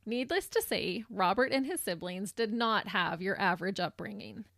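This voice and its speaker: A woman co-hosting a true crime podcast, reading the case in measured narration with a laugh now and then. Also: mid-range voice, expressive, gravelly, fairly bright tone, no room sound, clean studio sound. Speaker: podcast co-host.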